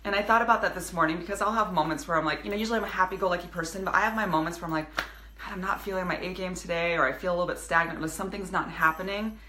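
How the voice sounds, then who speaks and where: A woman's voice: fairly low pitch, steady tone, rapid-fire, few pauses, sharp tone, echoey room, a little hiss or hum. A woman in her thirties, a business coach speaking earnestly to her viewers in a live video, with many restarts. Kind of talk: casual motivational live video.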